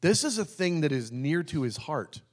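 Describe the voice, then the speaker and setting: A pastor preaching a sermon in a conversational way, slowing down to stress key phrases. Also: male voice, fairly high pitch, very animated. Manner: conversational, with restarts and emphatic slowed phrases.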